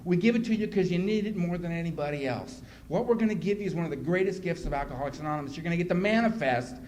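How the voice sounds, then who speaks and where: A man's voice: on the high side, very fast, a little mellow, close to an everyday voice. A man voicing his blunt, stern male sponsor, lecturing a newcomer with hard truths. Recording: noisy live room recording.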